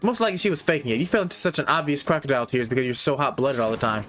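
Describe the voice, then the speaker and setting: A man reading a visual novel aloud, voicing a sharp-tongued teenage girl who makes dry, cutting remarks. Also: mid-range voice, racing, faint music behind, lightly acted.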